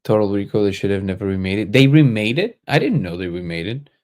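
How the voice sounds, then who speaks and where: Male livestream host, slightly low pitch, easygoing, thinks aloud while answering chat. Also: fast talker. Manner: relaxed, thinks aloud, joking asides. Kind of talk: casual live chat answering viewer comments.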